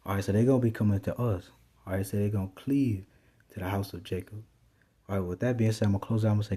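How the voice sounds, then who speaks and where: A man preaches from scripture in a low, mellow, slightly husky voice. He reads verses aloud and breaks up his teaching with a steady "all right" between phrases. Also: fast talker.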